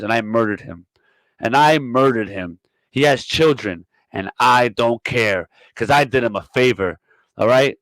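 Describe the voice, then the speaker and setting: A man hosting a comedy podcast, delivering a profane, mock-scolding tirade that swings from loud to muttered. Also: mid-range voice, very animated, a little slow, dry recording. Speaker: podcast host. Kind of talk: comedic rant.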